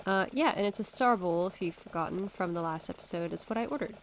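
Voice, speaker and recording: A woman's voice: on the low side, normal speed. A woman hosting a casual let's-play, rambling and correcting herself as she talks. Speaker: gaming channel host. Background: game music.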